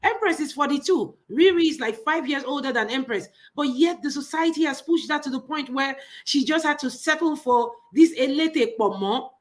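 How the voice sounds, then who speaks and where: Woman, Nigerian accent, high voice, emphatic, mocking, casual gossip chat. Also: moderate pace, hardly any pauses. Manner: emphatic and mocking, repeats words. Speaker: co-host.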